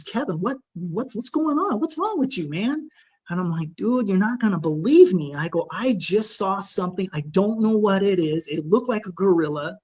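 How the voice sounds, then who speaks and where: A man guest on a podcast, recounting a frightening personal encounter in a halting, emotional way, full of restarts and "you know". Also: high-pitched. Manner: shaken, emotional retelling.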